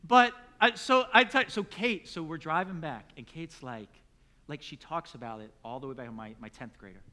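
A middle-aged man preaching a sermon, telling a story and acting out the dialogue, building to loud emphatic peaks. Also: a little high, moderate pace. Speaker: pastor.

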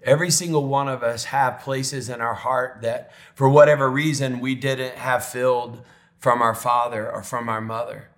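A male pastor tells a personal story from the pulpit at a medium pitch. He talks in a heartfelt, conversational way and often drops into soft, slow pauses. His tone stays warm and plain rather than showy. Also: fairly even intonation. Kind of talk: sermon storytelling.

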